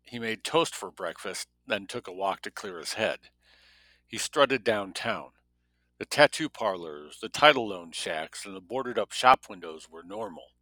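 A man's voice: on the low side, expressive, unhurried, sharp tone, no room sound, poor audio. A man reading a novel aloud who breaks off now and then for wry spoken comments. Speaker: story reader.

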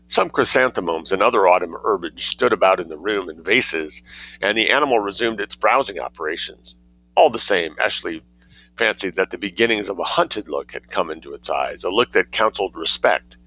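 A man narrating a story in a measured, wry reading. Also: low voice, animated, bright, forceful tone, rough recording.

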